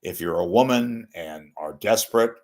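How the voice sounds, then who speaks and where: Brief: older male host, very low voice, blunt, chatty, unprepared and self-mocking. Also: normal speed, darkish tone. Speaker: host of an online talk show. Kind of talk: unscripted solo talk reading viewer messages.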